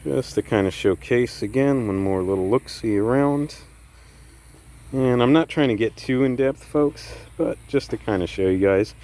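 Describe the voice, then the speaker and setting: A man giving a casual walkaround review of his own car, relaxed and enthusiastic, often doubling words. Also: mid-range voice, moderate pace, poor audio. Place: outdoors beside a parked car.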